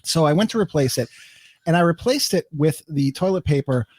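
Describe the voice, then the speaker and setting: A man's voice: on the high side, lively intonation, brisk, a little mellow, no room sound. A man guest on a podcast, chatting casually and telling self-mocking stories about his own habits. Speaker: guest, radio personality. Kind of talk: casual chat, storytelling. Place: podcast studio.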